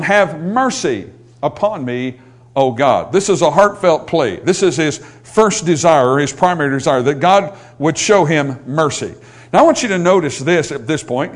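A male pastor preaching a sermon, building in intensity and pleading when he quotes scripture. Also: a little high.

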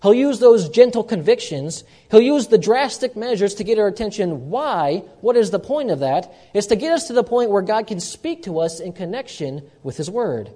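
A male pastor delivers a sermon in a fairly high, mellow voice. He hammers each point home by saying it twice, rising in volume and then dropping low. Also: very animated, moderate pace, few pauses. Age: young adult or middle-aged, a parent. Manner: emphatic preaching, repeats key lines, swings loud and soft.

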